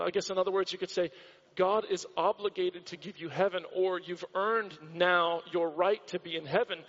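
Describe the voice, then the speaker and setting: A man's voice: high-pitched, a bit bright. A man preaching a sermon with impassioned repetition, recorded in a church hall. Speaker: pastor. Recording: dull sound with long hall reverb.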